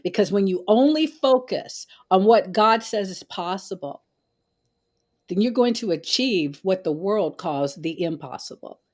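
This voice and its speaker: A woman's voice: medium pitch, lively intonation, measured pace, darkish tone. Emphatic woman hosting a faith talk. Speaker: host. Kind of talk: faith-based talk show conversation.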